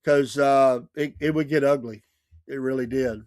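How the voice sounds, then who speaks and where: A man's voice: mid-range voice, fairly even intonation, moderate pace, darkish tone, no room sound, clean studio sound. A man from the United States casually telling childhood neighborhood stories, laughing often and acting out the voices of people he quotes. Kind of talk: casual storytelling.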